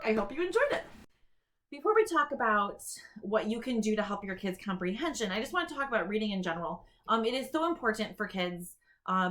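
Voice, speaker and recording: A woman's voice: mid-range voice, fairly bright tone. A woman giving an informal talk to camera, sharing tips on reading aloud to children in a chatty, explanatory way. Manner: chatty and explanatory, with quick read-aloud demonstrations.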